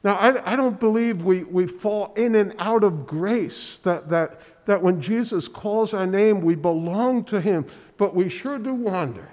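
A man preaching a sermon in earnest, halting speech, often restarting and repeating words. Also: high voice, a little mellow, long reverb tail. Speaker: pastor. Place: church sanctuary.

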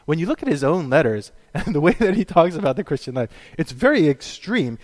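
A man's voice: on the high side, very animated, brisk, hardly any pauses. A middle-aged man preaching a sermon as pastor, telling stories in a chatty way, with plenty of fillers and little laughs. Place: church sanctuary. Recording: long hall reverb.

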